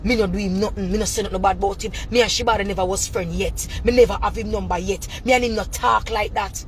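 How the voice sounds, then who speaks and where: A Jamaican woman and mother ranting in a callout video, confrontational and repetitive in thick patois, breaking into shouts. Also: mid-range voice, fairly even intonation, fast talker, faint music behind. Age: adult mother. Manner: bursts into shouting.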